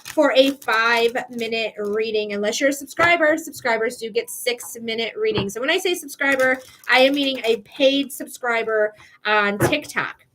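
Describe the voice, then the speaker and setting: A woman's voice: a little high, normal speed, a bit bright, a little hiss or hum. A woman hosting a live psychic reading stream, chatting casually and listing her services with rising questions. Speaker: psychic reader and livestream host. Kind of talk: casual livestream talk.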